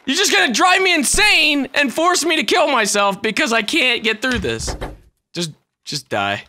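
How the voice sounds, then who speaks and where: High, excitable man yelling over gameplay. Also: normal speed, slight background noise. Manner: excitable, yelling, swearing, laughing. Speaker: gaming YouTuber. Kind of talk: let's-play commentary. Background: game music.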